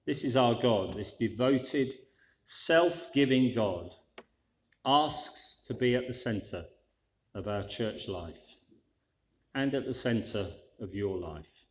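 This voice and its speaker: A man delivers a sermon in a chatty, easygoing way and slips in dry, wry asides. His voice has a middling pitch and rings out in a roomy church echo. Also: expressive, slow pace. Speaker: preacher.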